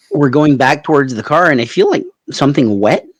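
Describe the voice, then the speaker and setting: A man's voice: a little high, husky, dry recording. A man with a Canadian Maritimes accent, co-hosting a podcast and telling a long, rambling anecdote in casual chat, often laughing at his own story. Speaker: podcast co-host.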